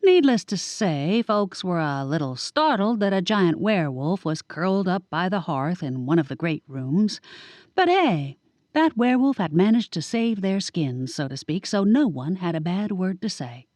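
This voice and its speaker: A woman narrating a first-person audiobook with wry, lively storytelling. Her voice sits a bit low. The booth recording is close and dry, with no room sound. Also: moderate pace, no echo. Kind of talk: scripted narration.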